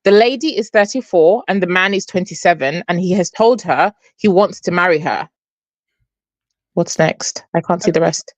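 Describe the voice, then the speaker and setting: A woman's voice: fairly low pitch, moderate pace, dry recording. A woman co-hosting a casual live chat, playfully egging the host on and reading a message aloud.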